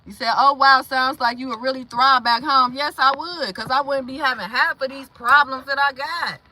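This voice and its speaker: Woman livestream host, raw and profane venting, greets chat, high piercing voice. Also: normal speed, poor audio. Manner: blunt and profane, swings from heated to hushed; greets chat viewers mid-rant.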